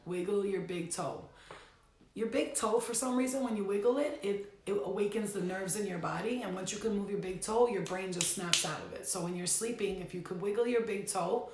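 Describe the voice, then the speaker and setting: A woman's voice: medium pitch, fairly quick, few pauses, darkish tone, roomy sound, a little hiss or hum. A woman giving a casual spiritual reading at home, talking bluntly and emphatically and swearing now and then. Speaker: tarot reader. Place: bedroom at home.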